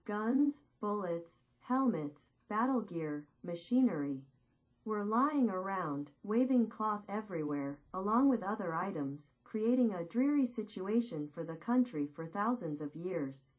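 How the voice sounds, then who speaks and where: Brief: woman narrator, first-person war memoir, measured and grave delivery, average pitch. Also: animated, narrow, tinny audio.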